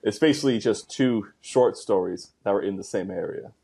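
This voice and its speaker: A man's voice: fairly low pitch, moderate pace, gravelly, mellow, breathy edge. A man co-hosting a casual podcast, making dry, teasing remarks. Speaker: podcast co-host. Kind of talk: casual chat.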